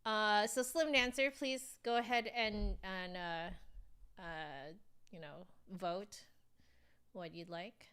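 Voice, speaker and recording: Woman livestream host, unhurried, chatty, lots of fillers and laughs. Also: mid-range voice, steady tone, a bit bright, clean tone. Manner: chatty, giggly, reads chat aloud; fillers, self-correcting. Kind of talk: casual livestream chat.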